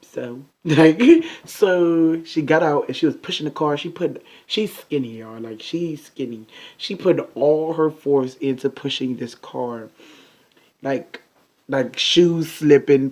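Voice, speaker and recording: A young man telling a funny storytime vlog, animated and chatty, often turning to talk straight to his viewers. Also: mid-range voice. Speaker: vlogger.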